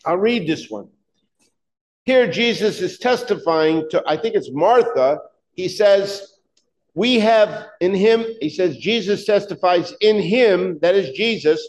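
A man preaching a sermon, emphatic and fervent, often questioning his listeners, with halting restarts and "uh" fillers. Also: sits high, lively intonation, low-quality recording. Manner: emphatic, rising to fervent peaks, asks the congregation questions.

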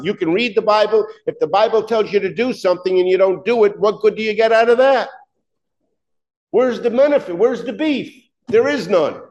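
A man's voice: high voice, a little mellow, dull audio. A man preaching a sermon in an emphatic, conversational way, asking his listeners pointed rhetorical questions.

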